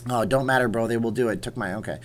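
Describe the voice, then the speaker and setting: A man hosting a relaxed livestream in a casual, joking way. His voice sits in a middle register as he reads viewers' names and talks to the chat. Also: mid-range voice, racing. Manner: chatty, reads viewer names aloud, jokey. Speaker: livestream host.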